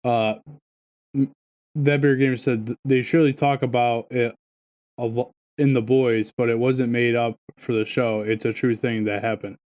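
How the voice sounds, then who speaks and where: Profane, animated male podcast storyteller. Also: mid-range voice, moderate pace. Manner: profane, animated storytelling with lots of "dude" and "right?". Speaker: podcast co-host. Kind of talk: casual storytelling chat.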